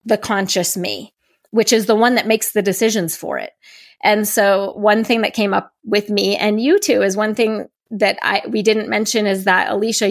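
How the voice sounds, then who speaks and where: A woman in her thirties hosts a podcast and shares a candid personal story. Her middle-range voice has a gravelly edge, and she sounds earnest and animated as she acts out her inner voices. The recording is dry and close. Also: medium pitch, dry recording. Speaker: podcast host.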